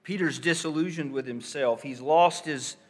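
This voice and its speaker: A male pastor preaching a sermon, swinging from hushed softness to loud emphasis and posing rhetorical questions to his listeners. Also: fairly high pitch, normal speed, big-room sound. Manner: dramatic shifts between soft hushed lines and loud emphatic ones; asks the congregation rhetorical questions.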